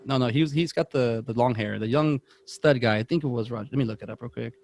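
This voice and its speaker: A man's voice: mid-range voice, quick pace, vocal fry, darkish tone, a little hiss or hum. A young man, co-host of a podcast, telling rambling stories in casual chat and acting out the voices of people he quotes. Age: young adult.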